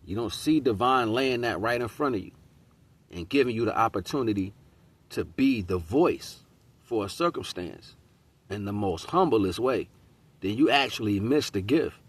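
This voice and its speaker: Man, middle-aged, slightly low voice; loose preachy monologue, slangy. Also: animated, moderate pace, husky. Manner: preachy, street slang, repeats "you know what I'm saying". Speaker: host. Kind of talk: casual spiritual monologue.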